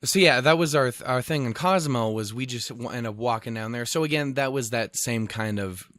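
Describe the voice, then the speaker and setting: Rambling, swearing podcast host. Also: male voice, medium pitch, brisk, fairly bright tone, no room sound. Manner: rambling, profane, self-deprecating. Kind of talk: casual solo storytelling. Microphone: podcast microphone.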